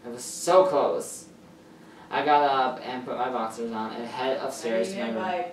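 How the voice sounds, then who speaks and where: A man's voice: medium pitch, steady tone, unhurried, crowd noise. A man casually reading a fan story aloud in a rambling way, often stumbling and correcting himself, sitting far from his camera's mic. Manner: rambling, filler-heavy, self-correcting. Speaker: channel host reading a story. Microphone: camera mic far from speaker. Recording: echoey room, far from mic.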